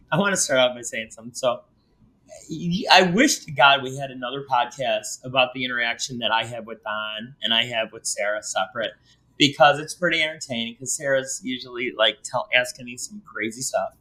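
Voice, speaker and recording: Male podcast host, bright tone, loose and jokey delivery. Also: medium pitch, moderate pace, rough recording. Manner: joking, rambling, teasing his co-host. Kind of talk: casual podcast chat.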